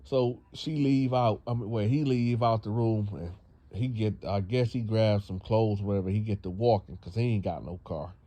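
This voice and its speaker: Mellow-voiced man rambling through a story. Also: fairly low pitch, moderate pace. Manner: rambling, full of fillers and restarts. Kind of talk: casual retelling of a true story.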